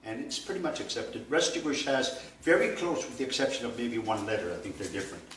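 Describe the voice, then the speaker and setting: An older man from Nova Scotia teaches a language workshop in a loose, anecdotal way, with plenty of fillers. His mid-pitched voice comes from off the mic in an echoey room. A faint hum sits underneath. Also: animated, fast, distant mic. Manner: digressive and anecdotal, with frequent fillers and chuckles. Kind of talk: informal classroom lecture.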